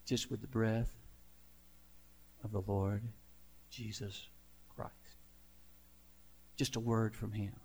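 A man, a pastor, preaching a sermon with emphatic swells and drawn-out, falling endings. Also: fairly low pitch, little pitch movement, creaky, a little mellow, slightly rough.

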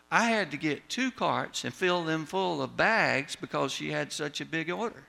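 A man's voice: on the high side, animated, moderate pace, vocal fry, pushed and bright. An older man, a pastor preaching a sermon in a wry, folksy storytelling manner.

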